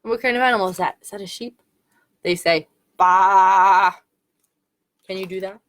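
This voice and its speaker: A woman's voice: mid-range voice, fast, fairly bright tone. A woman as a children's librarian, reading picture books aloud in a playful way, making animal sounds.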